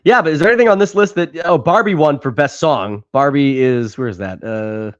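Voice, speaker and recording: A man's voice: mid-range voice, brisk. A man hosting a podcast, chatting casually and rambling with frequent laughs and cursing. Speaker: podcast host. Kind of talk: casual chat. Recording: dull lo-fi sound.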